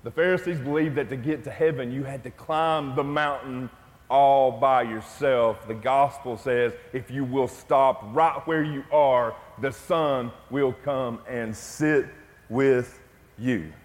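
A man's voice: medium pitch, fairly even intonation, takes it slowly. A middle-aged man preaching a sermon as pastor, telling a personal story in a conversational way before speaking of the gospel. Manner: storytelling, conversational, then hushed and intimate in prayer. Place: church sanctuary. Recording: long church reverb.

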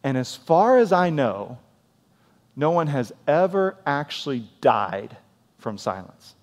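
Male pastor, 40s, slightly higher voice, earnest everyday sermon delivery with repeated-word restarts, reverberant hall. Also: sing-song, takes it slowly. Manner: earnest, practical, often restarts with repeated words. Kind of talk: conversational sermon.

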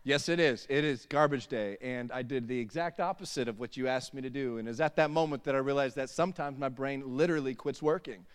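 A man's voice: medium pitch, fairly quick, hardly any pauses, smooth. A man in his thirties preaching a sermon, mixing humorous family stories with emphatic preaching in a church hall. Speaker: pastor. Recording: long hall reverb.

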